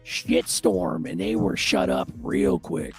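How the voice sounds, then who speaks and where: Give me an excitable man with a heavy gravelly rasp, cursing through a casual chat. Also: a bass voice, slow pace, faint music behind. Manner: animated, excitable, swearing. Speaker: podcast co-host.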